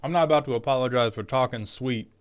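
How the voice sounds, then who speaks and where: A man's voice: medium pitch, quick pace, smooth. A young man streaming live, casually reviewing and roasting viewers' card decks in a blunt, joking, profane way. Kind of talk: casual livestream commentary.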